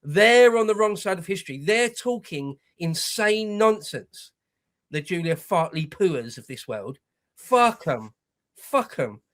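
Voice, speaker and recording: A man's voice: high voice, animated, measured pace. A man co-hosting reaction commentary, talking bluntly and scornfully with lots of swearing. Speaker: co-host.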